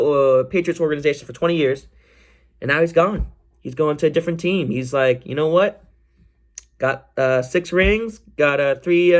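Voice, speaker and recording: A young man hosting a casual solo sports podcast, rambling and excitable, with many fillers and restarts. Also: mid-range voice. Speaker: podcast host.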